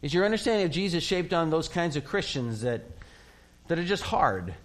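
A man's voice: a little high, expressive, a little fast. A man preaching a sermon as a pastor, in a conversational way, acting out quoted voices and often laughing.

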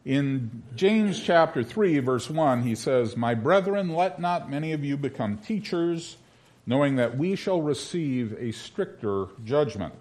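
A male pastor preaching a sermon, wry and conversational, slowing down to stress scripture phrases. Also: mid-range voice. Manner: lively, wry preaching with slow, emphatic scripture reading.

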